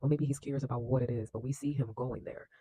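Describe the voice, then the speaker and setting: A man's voice: mid-range voice, steady tone, fast talker, mellow, slightly rough, no room sound, poor audio. A man casually retelling a film plot in a loose, chatty way, with lots of fillers and acted-out lines. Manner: acts out characters' lines with bursts of energy. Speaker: film reviewer.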